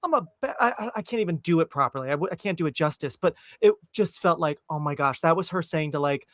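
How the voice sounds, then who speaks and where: A man's voice: a little high, quick pace, a bit bright, dry recording, studio quality. A man hosting a podcast in casual chat, chatty and often acting out film lines. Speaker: podcast host.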